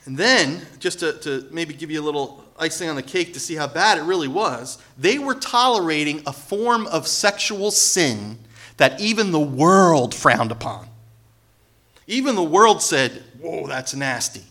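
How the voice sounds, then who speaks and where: A man preaching a sermon in a lively, conversational way, acting out quotes and building to loud emphasis. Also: fairly high pitch, a little slow. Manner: animated, acts out quotes, jokes, rises to loud emphasis. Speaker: pastor.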